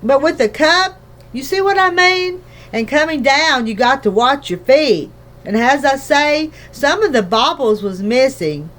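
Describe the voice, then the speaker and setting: A woman's voice: sits high, lively intonation, a little slow, a bit bright. A woman reading a storybook aloud, voicing a small, careful father who rambles in homely country speech. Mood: earnest. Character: small careful father, tiny borrower man.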